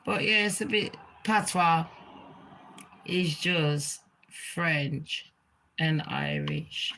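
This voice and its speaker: Woman, gossip vlogger, unhurried and loose, swears a lot, crisp bright voice. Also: sits low, a little hiss or hum, poor audio. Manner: rambling, swears freely. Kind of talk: casual chat.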